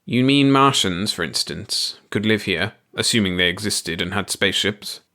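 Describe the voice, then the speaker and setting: A man voicing a stern, calculating male manager who speaks in a measured way. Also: fairly low pitch, lively intonation, pushed and bright.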